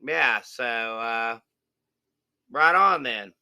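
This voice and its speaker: A man's voice: mid-range voice, lively intonation, extremely slow, pushed and bright, smooth. A man co-hosting a casual unboxing chat, easygoing and rambling, often speaking to the viewers as guys. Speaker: co-host of unboxing channel.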